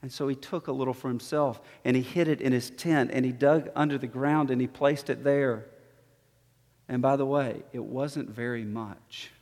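A man preaching a sermon as pastor, swinging between quiet, low-spoken passages and emphatic, raised declarations. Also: steady tone, normal speed. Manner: dynamic preaching, dropping to soft low tones and rising to emphatic. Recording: long reverb of a hall.

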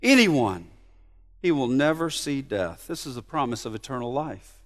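A man preaching an expository sermon, rising to loud emphatic peaks and dropping to hushed low asides, often repeating words as he restarts a phrase. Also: sing-song, moderate pace, long reverb tail. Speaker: pastor.

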